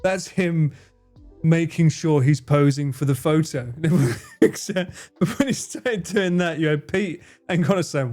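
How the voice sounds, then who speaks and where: A man's voice: a little high, slow pace, a little mellow, soft background music. A man hosting a live stream in casual chat, reading chat, laughing often and swearing freely. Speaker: livestream host.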